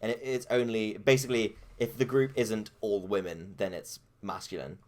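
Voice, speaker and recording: Low-voiced, hesitant man in casual chat. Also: fairly even intonation, normal speed. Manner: hesitant, hedging, explains with many "like"s. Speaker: podcast co-host.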